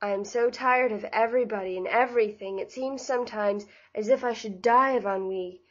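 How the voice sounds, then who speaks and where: A woman's voice: mid-range voice, a little fast, lo-fi sound, close to an everyday voice. A woman reading the part of a bored, discontented rich young woman, with a languid, weary delivery.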